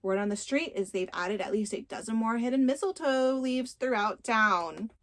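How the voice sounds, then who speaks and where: A woman voicing a gushing, gossipy small-town woman who gets excitable and squealy. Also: fairly high pitch, normal speed. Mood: eager.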